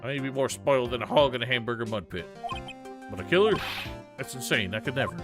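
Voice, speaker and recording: A man voicing a timid young country bumpkin with a Southern US accent, pleading and high-strung, over game music. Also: lively intonation, fast talker, lightly acted.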